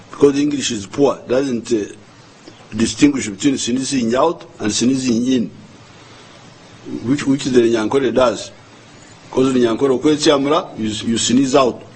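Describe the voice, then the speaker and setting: An older man with a Ugandan accent giving a formal address to the nation as head of state, speaking slowly and deliberately and often repeating words as he searches for the next one. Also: medium pitch, a little mellow, breathy edge, poor audio.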